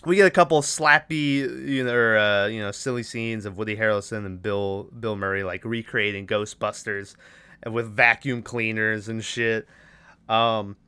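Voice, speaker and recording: A man's voice: medium pitch, pushed and bright, clear, resonant tone, dry recording. A young man hosting a podcast, casually retelling a movie scene by scene with loose quoted lines and laughter. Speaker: podcast host. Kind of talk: casual movie recap chat.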